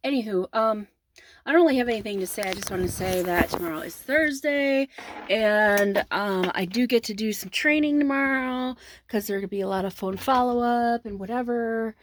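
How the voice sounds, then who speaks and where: A woman's voice: on the high side, moderate pace, background noise. A woman vlogging casually, rambling with lots of fillers and restarts, using informal slang and mock exasperation. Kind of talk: casual chat.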